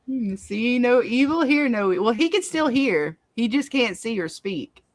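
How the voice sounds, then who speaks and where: A woman's voice: a little high, expressive, a little slow, dry recording. A woman on a podcast panel in casual fan-show discussion, talking with profanity and acting out quotes from the show.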